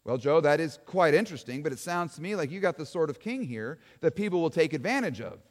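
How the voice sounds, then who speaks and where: A man's voice: on the high side, very animated, quick pace, in a large hall. A man voicing a female interviewer who asks probing questions.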